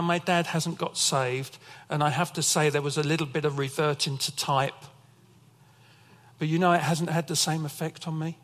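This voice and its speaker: A man's voice: on the high side, fairly bright tone, big-room sound. A man preaching a sermon as pastor, telling personal stories as testimony. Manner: storytelling, emotional testimony.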